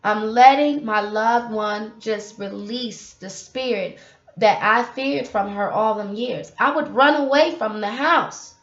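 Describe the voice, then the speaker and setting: A woman's voice: on the high side, slow pace. Impassioned preachy woman in an echoey room. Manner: impassioned, preachy, talks straight to viewers. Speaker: vlogger sharing faith testimony. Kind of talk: casual spoken testimony. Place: apartment room. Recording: roomy, dull lo-fi audio.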